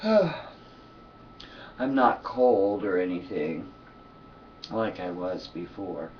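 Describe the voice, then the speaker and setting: A man's voice: low voice, slow pace, recorded from a distance, muffled recording, slight background noise. A man talking to his camera in a loose, profane monologue, sleepy and yawning, laughing often between thoughts. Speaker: vlogger. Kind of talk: casual rambling monologue.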